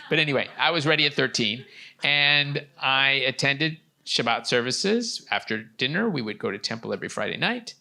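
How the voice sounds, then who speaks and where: A man interpreting for a deaf guest in the first person on a live talk show, delivering his words in measured phrases. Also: mid-range voice, lively intonation, crowd noise. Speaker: sign language interpreter voicing a deaf guest. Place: TV studio with a live audience.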